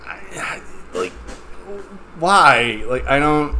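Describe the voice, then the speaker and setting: A man's voice: fairly high pitch, expressive, slow, gravelly, bright, forceful tone, slight background noise. A man commenting on a clip, stammering and mocking it with laughter. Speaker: stream commentator.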